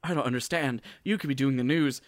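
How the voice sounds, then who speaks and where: A flustered young pregnant woman pleads in bewilderment, read aloud by a man in his own voice. The sound is dry and close, at a plain male pitch. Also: quick pace, no echo, close to an everyday voice. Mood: pleading.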